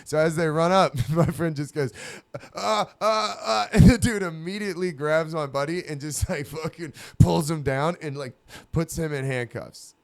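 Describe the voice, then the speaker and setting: Dry-sounding animated male storyteller. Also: fairly high pitch, normal speed, hardly any pauses, dry recording. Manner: animated, laughs often, acts out quoted voices. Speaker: podcast host telling a story. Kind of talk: casual storytelling.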